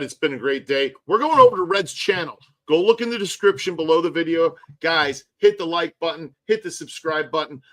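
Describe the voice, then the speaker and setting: A man's voice: on the high side, fairly bright tone, low-quality recording. A man hosting a live stream, ranting animatedly in casual chat and swearing often. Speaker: tour guide and live stream host.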